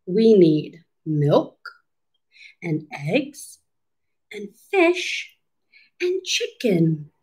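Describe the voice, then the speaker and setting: A calm grown-up father cat from a children's storybook, speaking in a slow, even way, as a woman reading aloud puts him on. His voice sits a touch lower and gets very unhurried. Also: slightly rough, heavily acted. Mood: matter-of-fact.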